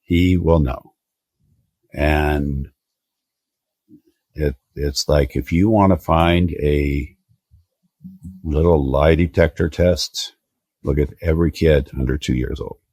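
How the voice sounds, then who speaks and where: An older man, a therapist guest on a podcast, who explains ideas in a measured, emphatic way. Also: rumbling low, fairly even intonation, a little mellow, no echo. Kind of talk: explanatory interview talk.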